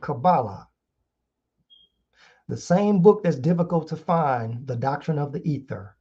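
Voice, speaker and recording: With a warm, slightly breathy voice on the high side, this man speaks a little slowly as he lectures heatedly but casually on his online show. He reads out articles and keeps posing rhetorical questions, all captured in dull lo-fi audio.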